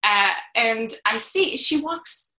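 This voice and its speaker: Woman from chicago telling her story to a room of ladies, bright forceful voice, animated and confiding, kinda echoey room. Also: fairly high pitch, takes it slowly. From Chicago, USA. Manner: animated, confiding, with frequent laughs and restarts. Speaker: host, dating coach. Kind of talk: personal storytelling to an audience of women.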